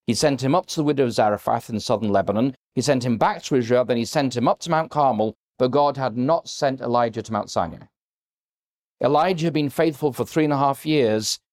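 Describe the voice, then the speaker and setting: A man's voice: mid-range voice, darkish tone. A man preaching a sermon, earnest and emphatic, stressing words differently as he retells scripture. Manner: earnest, emphatic, varies emphasis when quoting.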